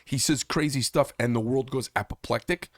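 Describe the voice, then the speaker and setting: A man's voice: mid-range voice, fairly quick, no room sound, clean studio sound. Rambling man host, blunt and casual. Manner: rambling, hesitant, blunt and profane. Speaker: podcast host. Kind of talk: casual interview chat.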